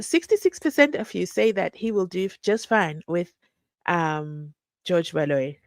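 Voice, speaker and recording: A woman's voice: fairly low pitch, a little slow. A woman talks straight to her live-stream audience, reading comments and spinning anecdotes. Her tone is playful and teasing, and she often laughs at her own jokes. The sound is dry and close, with no room echo. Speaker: livestream host.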